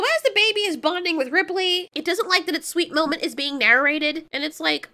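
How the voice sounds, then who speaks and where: Woman host, high and bright, chatty gushing film recap, casual swearing. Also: a little fast. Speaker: movie review channel host.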